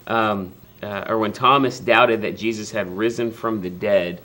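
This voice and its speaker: A man's voice: fairly low pitch, steady tone, a little slow, sharp tone. A man hosting a devotional talk show in a TV studio, earnest and hesitant with many ums. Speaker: pastor, host.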